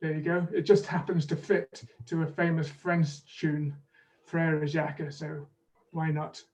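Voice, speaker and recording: Brief: male pronunciation teacher on a webinar, light high voice, slow careful delivery, sits back from the mic. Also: flat delivery, darkish tone, recorded from a distance. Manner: measured and explanatory, leads drills. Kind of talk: online teaching webinar with demonstrations.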